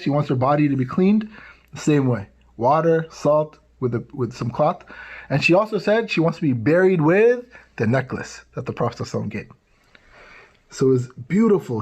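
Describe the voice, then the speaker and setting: A man telling religious stories to tweens in a casual, animated way, checking in with the listeners often. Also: a little high. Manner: casual, animated, tags lines with "right?"; acts out quoted voices. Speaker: youth speaker. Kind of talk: storytelling talk to tweens.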